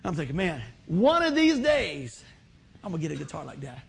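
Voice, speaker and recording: A man's voice: on the high side, normal speed, vocal fry, husky. A middle-aged man from West Virginia preaching a sermon through a long personal story, acting out the voices of the people in it. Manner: animated storytelling, acting out voices, bursts of loud whoops.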